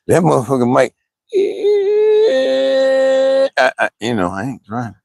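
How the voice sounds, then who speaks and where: A man's voice: medium pitch, a little fast, creaky, no echo. A man livestreaming casual, rambling chat, cursing often and laughing between stories.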